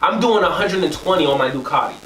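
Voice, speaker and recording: A young man tells a story in a casual podcast chat, his voice high and swinging widely as he acts out quotes and swears freely. He sits well back from the mic in a roomy space. Crowd noise carries behind him. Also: animated, fast, recorded from a distance. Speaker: podcast co-host.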